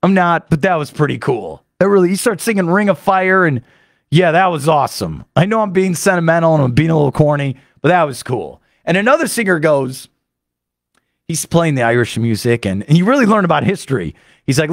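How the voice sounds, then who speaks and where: An excitable male sports radio host recounts a trip in a solo monologue and mimics the voices of people he met. His voice sits a little high and swings widely in pitch, with a gravelly edge. The sound is close and dry. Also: brisk, no echo.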